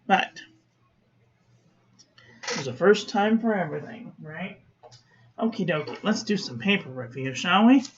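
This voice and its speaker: Brief: woman host, unhurried chatty ink review, dull lo-fi home audio. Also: on the low side, animated, slight background noise. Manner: chatty, self-correcting, talks to viewers.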